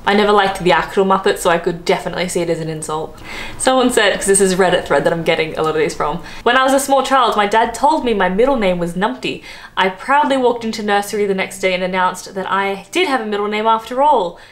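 Chatty Australian woman vlogging. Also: mid-range voice. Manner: chatty, laughs often, trails off into asides. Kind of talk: casual chat to camera.

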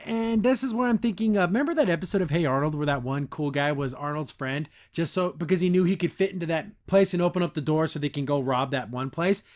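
A man's voice: on the high side, fast talker, hardly any pauses. Rambling, chatty man recapping a cartoon. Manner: rambling, full of "like", acts out quotes. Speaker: podcast host reviewing a cartoon episode. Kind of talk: casual recap and reaction.

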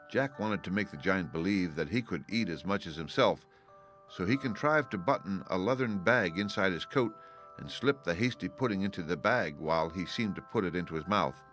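A man reading a fairy tale aloud as an audiobook narrator, in a steady, even storytelling manner. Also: low-pitched.

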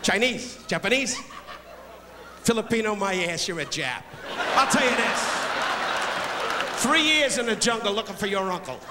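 An older man doing live insult stand-up on a theater stage, loud and brash as he barks jabs at the audience. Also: high voice, expressive, normal speed, pauses often, big-room sound. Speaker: insult comedian. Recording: live theater show, loud crowd and noise. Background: loud audience laughter.

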